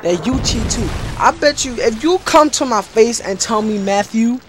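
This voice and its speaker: A man's voice: extremely high pitch, animated, normal speed, noisy background. A teenage boy casually telling a rambling, profane story over gameplay. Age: teens. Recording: game gunfire loud behind voice. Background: video game gunfire.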